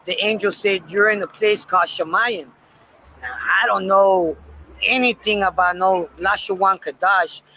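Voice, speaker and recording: A man casually telling a personal story in a candid, profane, animated way. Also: sits high, a little slow, slight background noise, rough recording.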